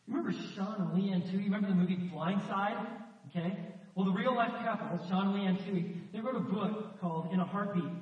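A man's voice: high-pitched, fairly quick. A man preaching a sermon as a pastor, telling stories in a conversational way and acting out the quotes. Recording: echoey hall, distant mic, dull sound.

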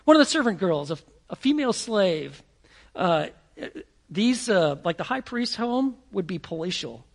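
A man preaching a sermon in an animated, conversational way, acting out the scenes he describes. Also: high voice, normal speed, creaky. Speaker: pastor.

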